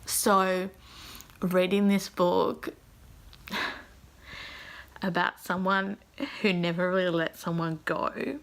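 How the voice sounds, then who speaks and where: A woman with a fairly low voice and a lot of gravelly vocal fry. She reads passages from a novel aloud, breaking off into emotional reactions. She sighs and sometimes drops to a half-whisper. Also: level tone, slow pace, pauses often. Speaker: book vlogger.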